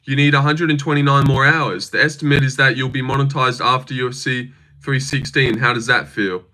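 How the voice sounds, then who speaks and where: A man's voice: medium pitch, steady tone, brisk, sharp tone. A young man on a live stream, reading and answering chat with sarcastic, argumentative, swear-filled talk.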